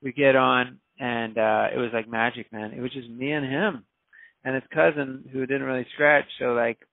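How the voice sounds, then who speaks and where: A mid-range, creaky male voice at normal speed, recorded dry with a narrow, phone-like sound and no echo. He's a DJ casually telling a story, animated as he acts out the voices of the people in it.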